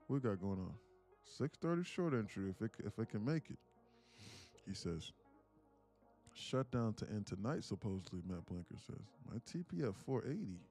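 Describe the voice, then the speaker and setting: A man's voice: on the low side, big pitch swings, moderate pace, dark tone, soft background music. A man, a live-stream day trader, chatting casually and profanely, joking and reading viewers' comments aloud. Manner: joking, profane, slangy, reads chat aloud.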